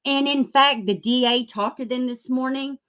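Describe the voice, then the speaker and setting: A woman hosting a profane, sarcastic commentary rant, jumping from loud outbursts to mocking near-whispers. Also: high-pitched, moderate pace. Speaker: YouTube commentary host. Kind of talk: ranting commentary.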